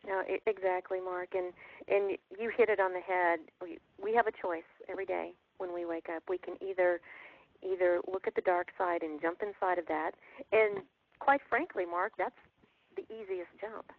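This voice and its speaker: A woman's voice: on the low side, fairly even intonation, moderate pace, no echo. A woman speaking as co-host in a motivational talk, earnest and emphatic, often repeating words. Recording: tinny dry phone line.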